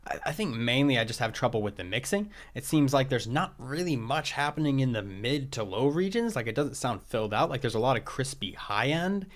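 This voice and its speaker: A man giving casual live-stream feedback on listeners' tracks as a music producer, relaxed and loose, often saying "like" and laughing at himself. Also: mid-range voice, brisk, hardly any pauses.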